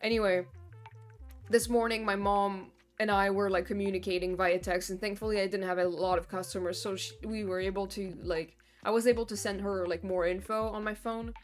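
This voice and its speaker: A woman's voice: medium pitch, steady tone, brisk. A young woman streamer in casual chat, venting in long rambling runs full of fillers and swearing. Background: faint background music.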